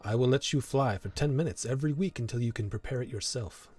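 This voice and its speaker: A man's voice: medium pitch, fast talker, darkish tone, breathy edge, faint music behind, close to an everyday voice. A man voicing a wizard mentor who took in an orphan and trains her. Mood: instructing.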